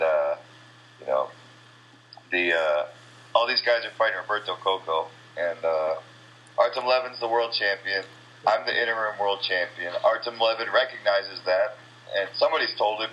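A man's voice: lowish voice, bright, forceful tone, muffled recording. A man from the USA, a kickboxing champion, giving blunt, rambling, trash-talking answers in a casual interview.

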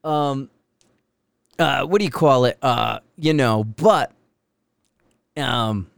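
A man's voice: mid-range voice, slow pace, gravelly, clear, resonant tone, no echo. A man hosting a podcast, talking in a loose, rambling way, often laughing and acting out exchanges he quotes. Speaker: podcast host. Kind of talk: casual podcast monologue.

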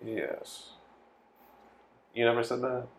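A man speaking as a player in a tabletop role-playing game, giving measured in-character lines. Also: medium pitch, flat delivery, a little hiss or hum.

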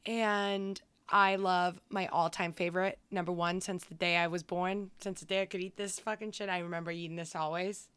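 A woman co-hosting a podcast in casual chat, loud and quick to swear and laugh. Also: fairly low pitch, flat delivery, clear, resonant tone, no echo. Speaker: podcast co-host.

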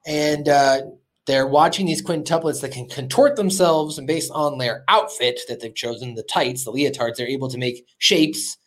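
A man's voice: medium pitch, moderate pace. A man hosting a podcast, animatedly retelling a cartoon episode in a loose, casual chat with lots of fillers. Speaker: podcast host.

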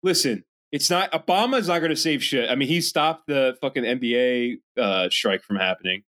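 Male podcast co-host, mid-pitched, profane and rambling, prone to quick animated impressions. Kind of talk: casual chat.

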